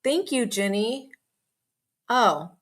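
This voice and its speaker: A woman hosting a casual live chat, reading out viewer comments in a bubbly, hyper, chatty way with quick asides and laughs. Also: fairly high pitch, expressive. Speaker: live stream host. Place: home.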